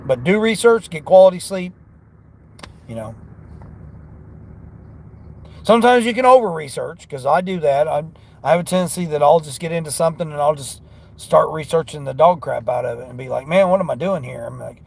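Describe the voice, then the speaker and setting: Brief: gravelly, slightly high-voiced man, rambling motivational talk from his car. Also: fairly quick, darkish tone. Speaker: delivery driver vlogger. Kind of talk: casual talk while driving.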